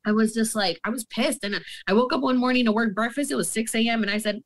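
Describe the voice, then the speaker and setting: A woman's voice: on the high side, quick pace, few pauses. A young woman telling a story in a casual interview, heated and profane, acting out quoted dialogue. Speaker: guest.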